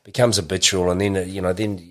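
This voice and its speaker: A man's voice: sits low, little pitch movement, fast. A middle-aged man, talking in a rambling way full of fillers and restarts in a casual interview. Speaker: podcast guest.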